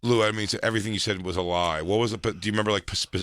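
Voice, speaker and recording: A man co-hosting a casual comedy podcast, making wry, profane, deadpan jokes. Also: lowish voice, racing. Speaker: podcast co-host.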